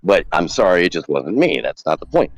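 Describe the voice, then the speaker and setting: Man, very low voice, dry close sound, rambling casual storytelling, acts out quotes. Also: sing-song, fairly quick, no room sound, highs cut off. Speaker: guest calling in.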